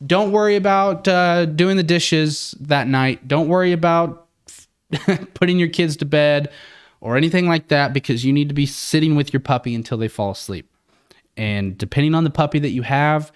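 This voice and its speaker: A man who trains dogs, hosting a podcast: he reads out a list of steps, then gives his own opinion in a relaxed, conversational way. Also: mid-range voice, dry recording, studio quality. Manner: conversational, with fillers and restarts. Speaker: dog trainer and podcast host. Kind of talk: casual podcast commentary.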